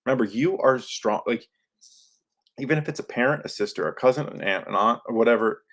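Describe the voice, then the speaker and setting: A man hosting a podcast, talking casually in a lively monologue and acting out quoted lines in his own voice. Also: mid-range voice, brisk. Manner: animated, acts out quoted lines; self-described yelling into a microphone. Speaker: podcast host. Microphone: studio microphone.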